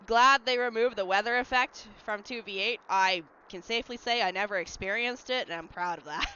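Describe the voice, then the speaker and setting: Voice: medium pitch, brisk, bright, forceful tone, slight background noise. A livestreamer in casual, rambling chat while gaming at home, answering messages from chat. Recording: slightly dull lo-fi mic. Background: faint game music.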